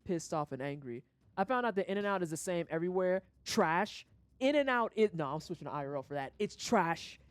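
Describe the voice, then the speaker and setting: A livestreamer from St. Louis, USA, rants casually while gaming, swearing a lot in an animated, profane way. Her voice is on the low side and brisk, with no room sound.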